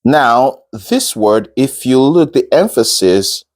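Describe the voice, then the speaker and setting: Slow, lively-pitched male singing teacher. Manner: repeats words slowly and breaks into sung examples; patient, explaining step by step. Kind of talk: instructional talk.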